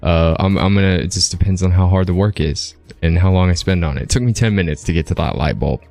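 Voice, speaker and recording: A man's voice: low voice, quick pace, creaky, dark tone, no echo, faint music behind. A man streaming, casually telling a rambling story with plenty of fillers and tag questions.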